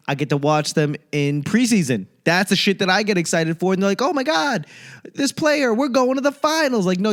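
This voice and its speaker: A man from the United States hosts his own comedy podcast, ranting through profane tangents with jokey asides. His voice sits a little higher than most men's. He rambles loosely and wanders off topic. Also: smooth. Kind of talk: rambling solo podcast monologue.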